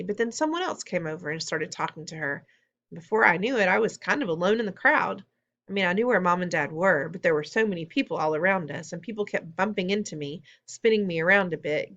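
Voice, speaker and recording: A woman's voice: fairly low pitch, a bit bright, lo-fi sound. A woman narrating a storybook in the first person, plain and conversational. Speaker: audiobook reader.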